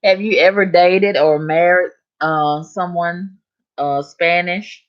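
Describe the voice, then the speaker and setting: Woman streamer, low voice, chatty vernacular host answering chat, muffled lo-fi audio. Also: steady tone, slow pace. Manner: chatty, reads and answers viewer comments. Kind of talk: casual live stream chat.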